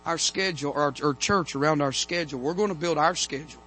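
A man preaching a revival sermon from the pulpit, telling stories and building to loud, emphatic amens. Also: fairly high pitch, fast. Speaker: pastor. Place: church sanctuary.

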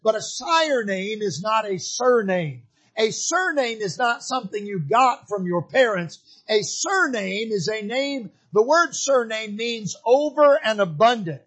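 A man preaching a sermon in a folksy, storytelling way, repeating phrases and pausing on frequent fillers. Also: high-pitched, animated, a bit bright, breathy edge.

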